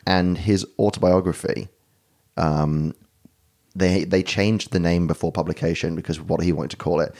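Deep-voiced rambling podcast host. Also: male voice, fairly even intonation, moderate pace, darkish tone. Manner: rambling, jokey, swears casually. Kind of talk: casual podcast chat.

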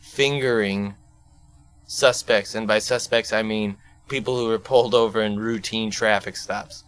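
A man's voice: on the low side, fairly even intonation, a little slow, fairly bright tone, clean tone. A man co-hosting a late-night radio show, telling crude stories and cracking jokes. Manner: crude, joking, tells stories. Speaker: radio co-host.

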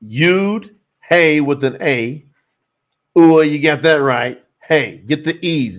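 Slightly high-voiced male livestream host, animated and emphatic, talks to chat as y'all. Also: slow. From USA. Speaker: livestream host teaching Hebrew scripture. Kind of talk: casual livestream teaching with chat.

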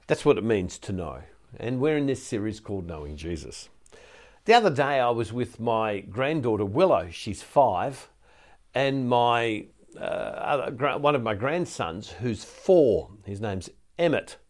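An older man delivers a recorded teaching talk from a ministry studio, in the role of a Catholic preacher. He talks in a relaxed, conversational way, often restarting phrases and repeating words. His voice sits at an ordinary middle pitch for a man. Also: a little slow.

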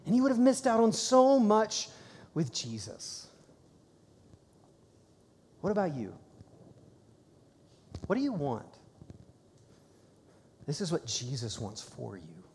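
Man, pastor, conversational sermon, excited bursts, church service, long hall echo. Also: fairly high pitch, takes it slowly, pauses often, slight background noise.

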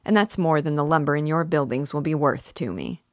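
A woman reading aloud, voicing a polite, smooth-talking male rancher. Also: low-pitched, animated, brisk, no echo, studio quality.

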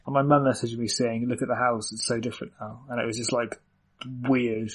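Irish-born young podcast co-host, rambling and filler-heavy, mid-pitched voice. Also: male voice, little pitch movement, a little fast. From Ireland. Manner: chatty, rambling with many fillers. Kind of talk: casual chat.

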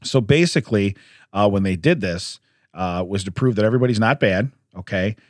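A man hosts a podcast in a relaxed, chatty way, his voice swinging widely up and down in pitch. He often laughs and clears his throat between stories. The sound is dry and close. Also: brisk, no echo. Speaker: podcast host. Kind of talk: casual chat, recounting news stories.

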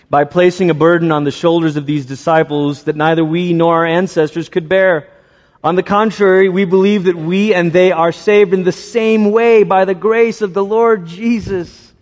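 Pastor guy preaching, chatty and self-deprecating, kinda high voice, big hall echo. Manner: conversational, self-deprecating, tells family stories. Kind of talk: sermon.

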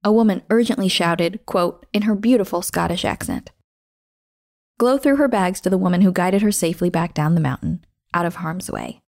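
A woman hosting a show, reading a scripted story in a measured, expressive way that slows down for emphasis. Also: fairly low pitch, no echo. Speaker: podcast host and narrator.

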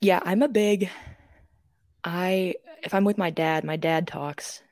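Slow and steady, this young podcast co-host speaks in a fairly low, slightly mellow voice. She's a chatty storyteller whose rambling tales in casual conversation are packed with fillers and restarts. It's a clean studio recording without any room sound.

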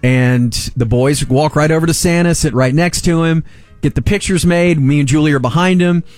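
A man in his forties, a radio host, telling a family story in a lively way and laughing along. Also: fairly high pitch, moderate pace, no echo, soft background music. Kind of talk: casual storytelling on a sports talk show.

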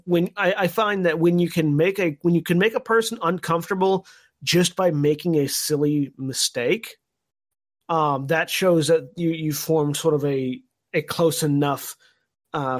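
A man's voice: fairly high pitch, normal speed. Rambling man recapping a show. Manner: thoughtful, recaps at length with many fillers. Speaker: podcast co-host. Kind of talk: casual podcast discussion.

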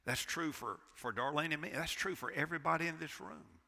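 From the pulpit of a church sanctuary, a pastor in his sixties delivers a fervent sermon in a bright, forceful, gravelly voice on the high side, speaking briskly and swinging from loud to hushed. Long church reverb trails every word.

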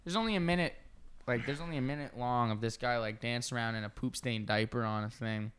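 A man's voice: mid-range voice, fast, fairly bright tone, clear, resonant tone. Crude joking podcast guy. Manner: crude, joking, reading news stories aloud. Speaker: podcast co-host. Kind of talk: casual comedic chat.

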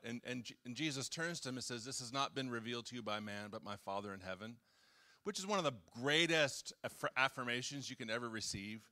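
A pastor preaches in a church hall with an animated, bright, forceful voice in the mid range, at a fairly quick pace. He keeps things chatty, joking with the congregation and dramatizing quotes as he goes.

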